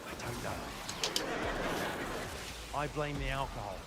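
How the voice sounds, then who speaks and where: A man's voice: mid-range voice, unhurried, gravelly, very noisy. A man doing stand-up crowd work at a comedy club, brash and sweary, teasing the audience. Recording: live club, loud crowd laughter.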